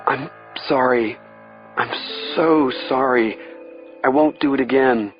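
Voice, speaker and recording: A man's voice: medium pitch, slow, muffled recording, soft background music, lightly acted. A man voicing a frightened male college student pleading in apology.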